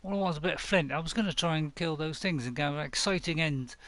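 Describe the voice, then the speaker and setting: A man's voice: on the high side, fast talker, fairly bright tone. A man chatting casually to viewers while playing a survival game live, rambling and poking fun at himself. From United Kingdom. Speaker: game streamer. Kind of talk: casual live-stream commentary.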